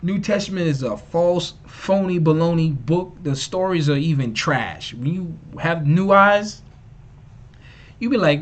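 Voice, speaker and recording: Fiery, slangy preacher man, slightly high voice. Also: expressive, a little slow. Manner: emphatic and repetitive, mocking, slangy. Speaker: online preacher and teacher. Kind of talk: live-streamed preaching.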